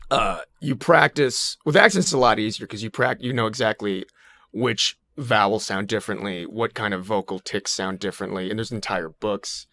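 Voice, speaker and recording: Bright-voiced, animated male impressionist. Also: lowish voice, moderate pace, dry recording. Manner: animated, rambling, jokey. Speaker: actor and impressionist, podcast guest. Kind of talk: casual chat.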